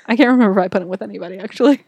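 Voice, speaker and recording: A woman's voice: mid-range voice, racing, gravelly, breathy edge, no room sound, dull audio. Giggly young woman gushing about crushes. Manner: giggly, gushing, swears casually. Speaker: podcast co-host. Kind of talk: casual chat.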